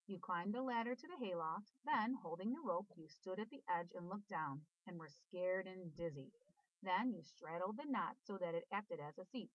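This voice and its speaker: A woman reading a children's storybook aloud in an expressive, sing-song way. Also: medium pitch, no echo. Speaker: storybook reader. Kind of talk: children's book read-aloud. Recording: dull dry recording.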